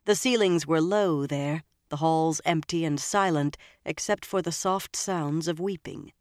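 An audiobook narrator reading a fantasy novel in a steady, measured way. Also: medium pitch, no room sound, studio quality. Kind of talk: scripted narration.

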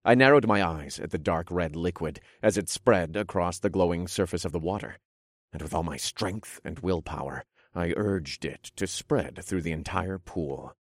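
Low-voiced male narrator for a fantasy audiobook, dry close sound. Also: normal speed, dry recording. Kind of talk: first-person fantasy narration.

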